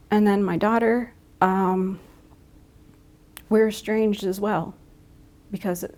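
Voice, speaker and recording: A middle-aged woman talks openly in an interview, her voice carrying a gravelly edge. She is reflective and halting, often starting a sentence over before she finishes it. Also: mid-range voice, a little mellow. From Michigan. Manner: halting, reflective, with frequent restarts. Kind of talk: candid interview.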